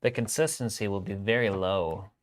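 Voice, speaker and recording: A man's voice: lowish voice, moderate pace. A young adult man co-hosting a livestream, joking around and greeting chat viewers as he chats casually. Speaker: stream co-host.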